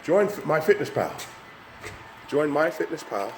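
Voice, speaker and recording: Older guy vlogging on the stairs, a bit winded, pumped up, pitch all over the place, lots of outdoor noise. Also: very animated, measured pace. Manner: upbeat, coaxing, talks straight to viewers. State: slightly winded. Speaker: fitness vlogger. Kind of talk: motivational vlog while climbing stairs.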